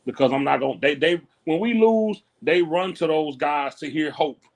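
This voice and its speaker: A man talking casually on a podcast, in a blunt and slangy way. His voice sits a little high. He sounds dismissive. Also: moderate pace. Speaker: podcast co-host. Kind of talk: casual chat.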